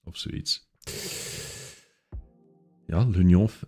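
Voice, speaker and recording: Low-voiced streamer, slow and rambling, self-mocking casual chat. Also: male voice. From Flanders, Belgium. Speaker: livestreamer.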